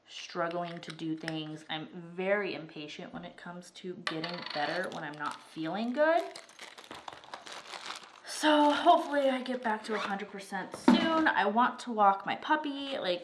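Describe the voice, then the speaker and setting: A woman in her thirties chats casually at her craft table, rambling from one thing to the next and often saying "like." She is getting over a sore throat, so her breathing comes a little heavy. Her voice sits at a middling pitch, with a faint hiss behind it. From Arizona, US. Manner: chatty, rambling, says "like" often. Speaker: vlogger.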